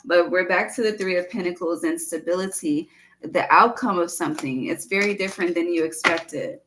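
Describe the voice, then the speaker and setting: A woman reads tarot cards in a loose, rambling way, cursing casually and talking straight to her listener. Her voice sits a little low for a woman. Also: normal speed, fairly bright tone, a little hiss or hum. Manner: rambling, profane and chatty. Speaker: tarot reader.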